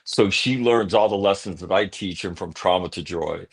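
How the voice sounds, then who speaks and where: A man's voice: sits low, moderate pace, gravelly, hardly any pauses, slightly rough. A man, an author guest on a talk show, earnestly telling a personal story and often checking in with "right?". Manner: earnest, punctuates thoughts with "right?"; blunt at times.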